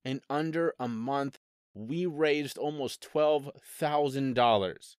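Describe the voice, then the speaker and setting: A male podcast host speaks straight to his listeners in a quick, upbeat way. His voice is smooth and resonant. The recording is dry and close. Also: mid-range voice, no room sound. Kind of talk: direct address to listeners.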